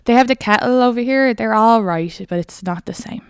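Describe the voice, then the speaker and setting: Irish female co-host, chatty, giggly, smooth voice, dry close sound. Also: on the high side, moderate pace, no echo. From Ireland. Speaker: podcast co-host. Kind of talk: casual chat.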